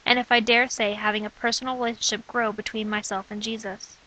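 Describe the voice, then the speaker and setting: Bright-voiced young woman reading her diary. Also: on the high side, quick pace, poor audio. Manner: earnest, steady read-aloud delivery. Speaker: narrator of own testimony. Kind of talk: reading aloud from a personal diary.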